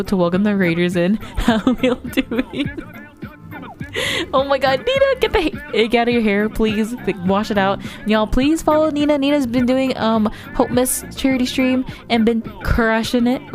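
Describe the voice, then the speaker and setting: A woman's voice: medium pitch, darkish tone. Giggly woman streamer, chatty and playful, lots of gasps, faint game music behind. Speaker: variety streamer. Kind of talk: casual live-stream gameplay chat.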